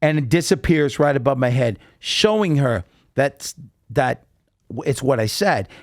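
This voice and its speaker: A man, a podcast guest, telling a story in casual chat and acting out the quotes with lively voices. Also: medium pitch, measured pace, no echo, studio quality.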